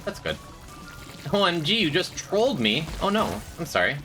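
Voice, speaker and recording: A man's voice: on the high side, wildly swooping pitch, moderate pace, over music. A young man streaming a game, chatting and joking with his chat as he plays. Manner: chatty, joking, reads and answers chat while playing. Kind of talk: casual gameplay commentary chatting with chat.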